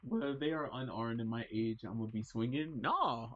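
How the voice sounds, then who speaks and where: A man streaming casually, reading chat aloud and answering in an animated, joking way. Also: mid-range voice, normal speed, dry recording, muffled recording.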